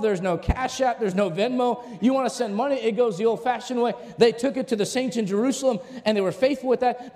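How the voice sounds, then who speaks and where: A man preaching a sermon as pastor, animated and questioning the congregation, rising to shouts. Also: extremely high pitch, big-room sound. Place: church sanctuary.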